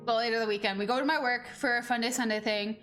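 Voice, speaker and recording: A woman's voice: fairly high pitch, steady tone, fast talker, a bit bright, soft background music. A young woman streaming a game and telling a rambling story in casual chat, full of "like" fillers. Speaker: gaming streamer. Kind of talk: casual chat over gameplay.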